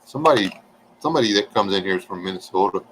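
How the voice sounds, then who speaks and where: A man's voice: on the low side, lively intonation, racing, a bit bright, a little hiss or hum, poor audio. A man, chatting casually and joking with viewers on a livestream. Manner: folksy, joking, reading chat aloud.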